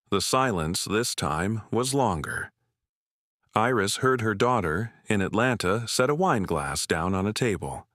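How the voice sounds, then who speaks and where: Low-voiced man narrating a story. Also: expressive, fairly bright tone, no room sound, studio quality. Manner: slow and measured.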